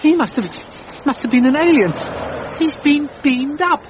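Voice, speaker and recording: A cheeky little cartoon dog who sniffs about and cracks jokes, in a high, lively voice. The sound is dull and muffled, like an old TV soundtrack. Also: male voice, measured pace, background noise. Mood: joking. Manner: wisecracking, sniffing. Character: small cheeky talking white dog.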